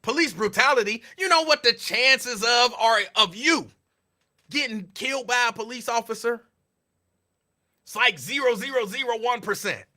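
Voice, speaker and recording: Sarcastic host guy, high voice, keeps repeating himself preachy. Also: lively intonation, moderate pace, pushed and bright. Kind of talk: casual commentary.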